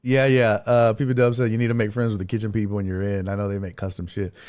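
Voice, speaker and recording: A man hosting a stream, telling stories in casual chat with profanity and big, lively swings in his voice. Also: quick pace. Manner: animated, profane storytelling with big pitch jumps. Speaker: streamer host.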